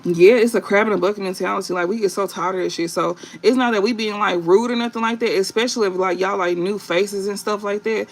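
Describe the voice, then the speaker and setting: A man hosting a late-night livestream as a tarot reader, talking bluntly and profanely with drawn-out fillers and repeated phrases. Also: high-pitched, fairly even intonation.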